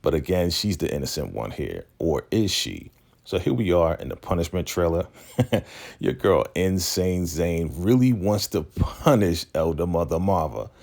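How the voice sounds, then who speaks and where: A man casually recapping a TV episode, animated and acting out the characters as he goes. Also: sits low, a little slow, vocal fry. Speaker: show recap host.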